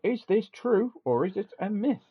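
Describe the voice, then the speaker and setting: A man's voice: sits high, very animated, moderate pace, husky. Man, podcast co-host, rambling casual chat, muffled lo-fi audio. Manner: chatty, rambling, laughs often. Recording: dull lo-fi sound.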